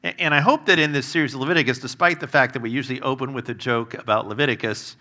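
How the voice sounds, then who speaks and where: Speaking fast at a medium pitch, a man preaches as a guest speaker in a conversational, humorous way. He tells funny stories full of fillers, wry self-deprecating asides, and shifts in loudness.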